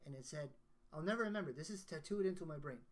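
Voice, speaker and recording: A man's voice: fairly high pitch, fast. Earnest man telling a personal story. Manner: earnest and emotional, with many restarts. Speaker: guest songwriter. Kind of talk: casual storytelling in conversation.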